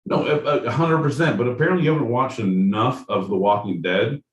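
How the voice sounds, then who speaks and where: A man's voice: medium pitch, brisk. Rowdy profane man, far from the mic. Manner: rowdy, profane, riffing with mock voices. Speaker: podcast co-host. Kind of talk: casual chat. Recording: roomy sound from off-mic.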